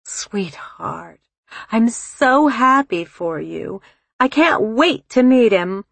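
A woman voicing a composed, calculating older mother who asks measured, probing questions, with a husky voice. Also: medium pitch, huge pitch swings, dry recording, full character voice.

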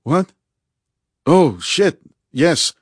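A man's voice: on the high side, animated, extremely slow, breathy edge, no room sound, clean studio sound, pitched above the performer's own voice, heavily acted. A man doing a frantic, crude Greek man. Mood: startled. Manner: shouting, frantic.

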